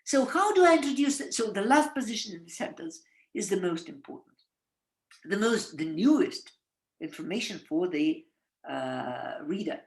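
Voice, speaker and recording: A woman's voice: medium pitch, very animated, normal speed, reverberant. A woman, teaching English writing in a webinar and quizzing her students with questions. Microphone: video call.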